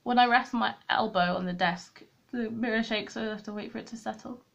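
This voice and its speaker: A young woman talks through her makeup routine in a loose, rambling way, with a fairly high voice. She makes fun of herself and talks straight to viewers from her desk at home. The sound is a little dull and lo-fi. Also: brisk, gravelly. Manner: rambling and self-deprecating, chatting to viewers while working. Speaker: beauty vlogger. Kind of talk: chatty get-ready-with-me vlog. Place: room at home, at a desk with a mirror.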